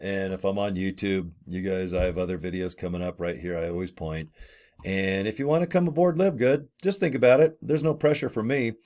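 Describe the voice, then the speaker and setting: A man's voice: low voice, brisk, a little mellow. A man in his late fifties talking casually to camera about a business opportunity, folksy and blunt with mild swearing and rambling asides. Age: 50s. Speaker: network marketing affiliate. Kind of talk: casual to-camera sales chat.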